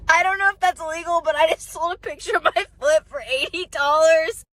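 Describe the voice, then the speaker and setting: A woman's voice: very high voice, a little fast, fairly bright tone, poor audio. A woman chatting through a story in a casual, amused way.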